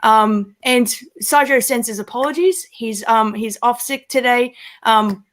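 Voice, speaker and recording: A woman's voice: fairly high pitch, a little slow, fairly bright tone. An Australian woman co-hosting a livestreamed webinar, bubbly and effusive with lots of ums. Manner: bubbly, effusive, many fillers. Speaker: co-host.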